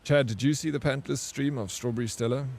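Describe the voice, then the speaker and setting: A man's voice: mid-range voice, fairly even intonation, fairly quick, creaky, a little mellow. A man streaming a game, chatting casually and bantering with viewers as he reads their messages aloud. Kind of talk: casual livestream chat.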